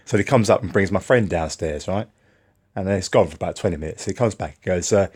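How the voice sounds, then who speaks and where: Male vlogger, low-pitched, rambling, casual story told to camera. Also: quick pace, darkish tone, husky. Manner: rambling, many fillers and restarts.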